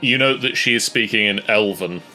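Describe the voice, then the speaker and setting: A man narrating a tabletop game as game master, slow and halting, with long pauses. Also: fairly low pitch, pushed and bright, faint music behind.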